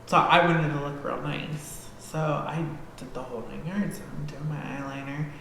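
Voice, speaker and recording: A woman guest on a podcast telling a story casually, animated and swearing freely as she acts out scenes. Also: low voice, moderate pace, gravelly. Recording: echoey hall-like room with faint noise.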